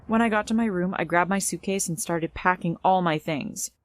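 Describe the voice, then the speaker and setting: In a plain, earnest manner, a woman tells a first-person storytime tale. Her voice is slightly low for a woman, steady and unhurried.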